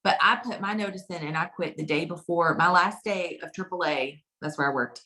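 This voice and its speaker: A woman's voice: lowish voice, brisk, pushed and bright. A woman consultant telling her personal story in a casual, chatty way, often repeating phrases for emphasis. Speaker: direct sales consultant.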